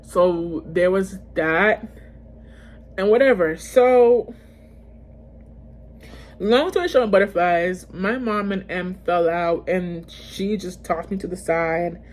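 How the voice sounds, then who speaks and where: A woman vlogger telling a personal story in a casual storytime video, animated and slangy, often calling out to her viewers and restarting her sentences. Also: fairly low pitch. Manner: fast bursts with frequent fillers and restarts.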